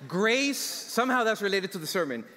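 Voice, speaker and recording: Male preacher, slightly high voice, storytelling sermon that draws in the congregation, long church reverb. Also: sing-song, a little fast, bright, forceful tone, slight background noise. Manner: storytelling, asks the congregation questions. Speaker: guest preacher. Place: church sanctuary.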